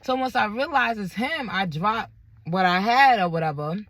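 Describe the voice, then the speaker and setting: A woman's voice: mid-range voice, animated, moderate pace, fairly bright tone. A young woman, candidly retelling a personal story in a vlog, with lots of quoted dialogue and blunt language.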